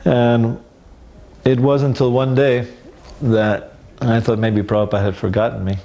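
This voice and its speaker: A man recalling old memories in a casual, animated storytelling way, acting out the dialogue and often stopping to restart. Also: mid-range voice, gravelly. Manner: halting, with restarts and fillers.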